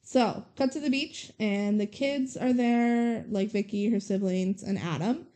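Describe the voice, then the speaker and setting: A woman's voice: mid-range voice, unhurried, warm tone. A woman co-hosting a podcast, casually recapping a movie scene by scene in a chatty, storytelling way. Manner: chatty, storytelling, heavy use of "like". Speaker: podcast co-host.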